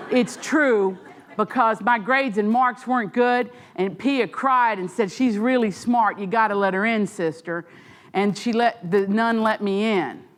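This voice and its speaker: A middle-aged woman with a Southern American accent, telling stories to an audience at a library author talk with lively, self-mocking asides. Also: fairly high pitch. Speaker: author speaking at a library event. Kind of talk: storytelling talk. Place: library event hall with an audience.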